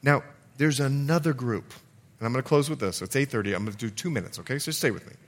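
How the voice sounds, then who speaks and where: A male pastor giving an evening church sermon, telling a personal story with animated delivery and bursts of loud exclamations. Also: medium pitch, quick pace.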